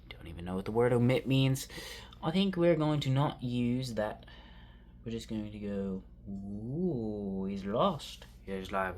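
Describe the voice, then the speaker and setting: A man giving casual, rambling commentary while he draws, thinking aloud to himself and poking fun at himself. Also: on the low side. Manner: casual and self-mocking. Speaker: artist drawing on camera.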